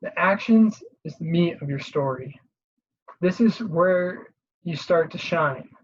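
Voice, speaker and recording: A presenter giving an instructional voice-over, explaining each step steadily and clearly with a few small restarts. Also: mid-range voice, slow, muffled recording, slight background noise. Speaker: career advice presenter.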